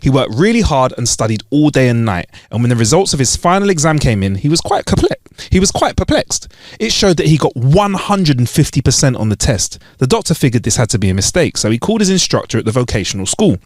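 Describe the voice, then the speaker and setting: A man's voice: mid-range voice, fast talker, few pauses, no room sound, clean studio sound. A man co-hosting a comedy podcast, telling jokes in casual chat and laughing at punchlines. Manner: lively, laughs loudly at punchlines. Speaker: podcast co-host.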